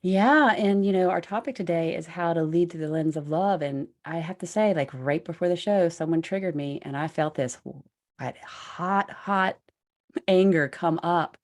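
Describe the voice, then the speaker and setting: Low-pitched lady hosting a chat show, lively, laughs a lot. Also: normal speed. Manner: animated, laughs easily, self-deprecating. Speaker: podcast host. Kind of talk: casual conversation.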